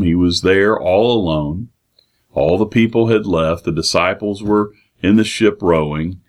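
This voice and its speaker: Low-voiced preacher on radio. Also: male voice. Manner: reads King James verses, then retells them plainly with repeats. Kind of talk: radio sermon.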